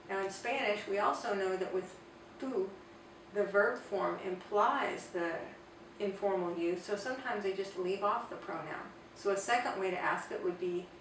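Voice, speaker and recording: Woman, language teacher, deliberate explanations, faint background hiss, distant mic. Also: mid-range voice. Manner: slow, deliberate modeling of example sentences. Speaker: Spanish teacher. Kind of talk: online language lesson. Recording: echoey room, distant mic, faint noise.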